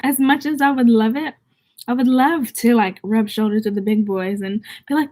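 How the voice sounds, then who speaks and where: A woman's voice: fairly high pitch, steady tone, normal speed, darkish tone. A young woman from the southern United States without a Southern accent, chatting casually and bubbly on a livestream as she reads viewer comments. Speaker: vlogger.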